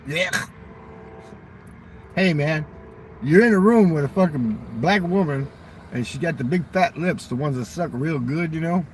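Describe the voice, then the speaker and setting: Casting: foul-mouthed rambling man, slightly high-pitched, casual monologue outdoors with faint traffic behind. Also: unhurried, long pauses. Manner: profane, rambling storyteller. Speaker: vlogger.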